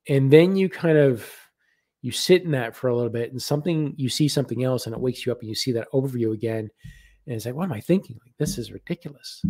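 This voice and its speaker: A man giving live spiritual readings on a stream, talking gently and haltingly and repeating words as messages come to him. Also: mid-range voice, no echo, clean studio sound.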